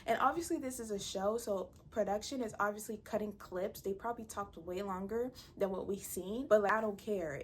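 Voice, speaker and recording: A woman's voice: fairly high pitch, slight background noise. A woman giving a blunt, profane, exasperated recap of a reality show. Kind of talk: casual ranting recap.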